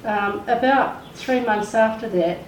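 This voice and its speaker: A woman's voice: on the high side, measured pace. A woman giving an emotional testimony in a church service, acting out the voices of the people she quotes. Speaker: church speaker sharing a testimony. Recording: echoey room, far from the mic, faint noise.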